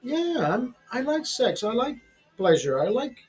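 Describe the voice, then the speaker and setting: A man's voice: very high voice, big pitch swings, unhurried, faint music behind, rough recording. A man in his forties hosting a casual chat, rambling bluntly and swearing freely. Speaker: show host. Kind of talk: casual chat over drinks.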